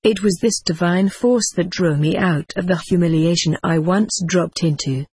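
A first-person storybook narrator with a husky, breathy tone, reading in an even and solemn manner. The recording is close and dry, with no room sound. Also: mid-range voice, moderate pace, dry recording, low-quality recording. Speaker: audiobook narrator.

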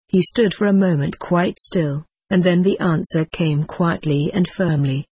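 A narrator reading a first-person story aloud in an even, measured way. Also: mid-range voice, breathy edge, dry recording. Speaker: audiobook narrator. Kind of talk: scripted narration.

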